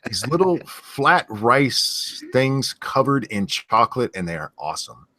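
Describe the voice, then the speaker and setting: A man's voice: medium pitch, sing-song, unhurried, sharp tone, dry recording. An American man hosting a casual stream, joking and reading viewer questions aloud. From United States.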